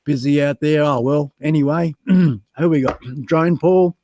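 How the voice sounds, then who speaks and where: A little slow and mellow, with a fairly high pitch, the Australian man guest-hosting this livestream reads the chat aloud and laughs off being stood up with self-mocking jokes and many ums. A bit of hiss or hum sits under the recording.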